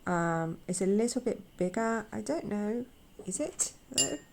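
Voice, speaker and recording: A woman hosting an art channel, chatting casually with a croaky voice, gushing and halting with repeated words. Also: medium pitch, lively intonation, noisy background. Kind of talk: casual chat.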